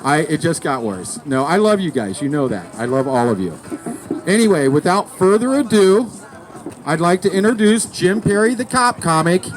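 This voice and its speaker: At a normal pace and a fairly high pitch, this man speaks in a sing-song way. He hosts a comedy show outdoors under a tree in a city park, joking and rambling as he introduces acts and fumbling their names.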